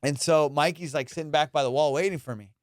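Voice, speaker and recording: A man's voice: quick pace, no room sound, studio quality. A young man, a comedian, telling a profane childhood story casually and acting out the voices of the people in it. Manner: profane, animated, acts out quotes with loud high jumps. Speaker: comedian podcast host.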